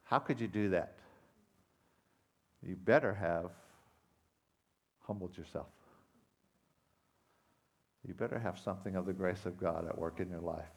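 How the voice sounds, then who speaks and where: Male pastor, low voice, preaching with dramatic loud-to-quiet swings. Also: unhurried, vocal fry, pauses often. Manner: dramatic storytelling, loud rising emphasis then quiet intensity. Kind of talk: sermon.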